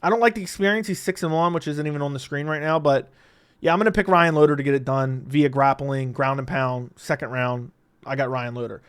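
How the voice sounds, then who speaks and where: A man casually breaking down fight predictions, blunt and profane, laughing often and swinging between loud bursts and quiet asides. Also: on the high side, fairly quick, clean tone. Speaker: MMA predictions commentator.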